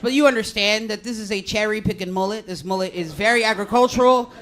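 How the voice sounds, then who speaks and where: A man's voice: high-pitched, fast, fairly bright tone, slight background noise. A young man from Stockton, California, performing a self-deprecating stand-up comedy set on stage. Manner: self-deprecating, conversational punchlines. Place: comedy club stage with audience.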